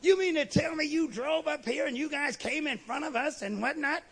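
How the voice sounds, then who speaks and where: A woman's voice: sits high, normal speed, vocal fry, a bit bright, pitched above the performer's own voice. A man preacher acting out an indignant woman golfer who scolds other players. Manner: accusing, incredulous.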